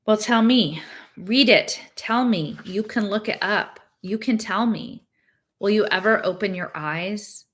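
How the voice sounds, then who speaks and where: A bitter, grieving father with a lowish voice, tall and thin, sneering and accusing in a novel read aloud, as a woman reads his part. He talks down to the boy with cutting sarcasm. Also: fairly even intonation, normal speed. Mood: shouting. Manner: sarcastic, then shouting and sobbing.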